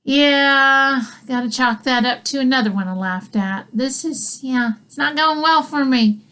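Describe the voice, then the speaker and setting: A woman's voice: high voice, a little slow, sharp tone, clean tone. A woman telling a comic story, rambling with asides and chuckling between lines. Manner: rambling, self-interrupting with asides. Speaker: comedian. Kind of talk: comedic storytelling.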